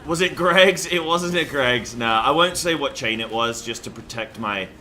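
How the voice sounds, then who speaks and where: A man's voice: mid-range voice, normal speed, sharp tone, soft background music. A young man chatting loosely on a game stream, rambling with fillers and the odd swear word. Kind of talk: casual live-stream chat.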